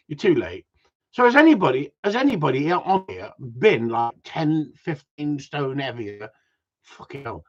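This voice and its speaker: A middle-aged man with a husky voice, chatting bluntly on a live stream with sweary, self-mocking banter. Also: on the high side, very animated, unhurried. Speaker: dog trainer livestreaming. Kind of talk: casual live-stream chat. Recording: dull lo-fi livestream audio.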